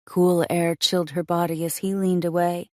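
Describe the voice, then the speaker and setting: Woman narrator, romance audiobook, lowish voice, dry close sound. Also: level tone, normal speed, dry recording.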